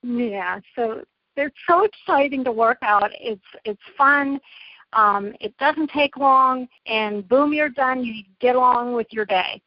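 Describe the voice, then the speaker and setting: A middle-aged woman talks as an interview guest, chatty and effusive. Her voice sits high. The line sounds dull and lo-fi, dry with no room sound. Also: slow pace, dry recording. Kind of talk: casual interview chat.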